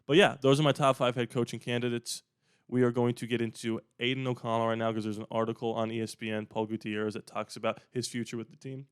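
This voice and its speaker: Man, smooth clear voice, dry close sound, casual emphatic sports commentary, mid-pitched. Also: little pitch movement, fast, no room sound. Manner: opinionated, emphatic, conversational. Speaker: YouTube sports channel host.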